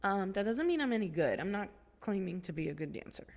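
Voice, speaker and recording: A woman's voice: mid-range voice, very animated, quick pace, a little mellow, in a large hall. A woman in her thirties hosting a podcast, talking casually and openly about her family, with many fillers and moments where she tears up. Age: 30s. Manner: emotional, tearful at times, many fillers. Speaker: podcast host. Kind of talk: personal casual monologue.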